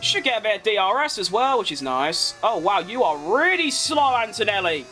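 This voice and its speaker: A man giving excitable live commentary while playing a racing game, exclaiming at close moments. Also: high voice, normal speed, slight background noise. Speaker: gaming streamer.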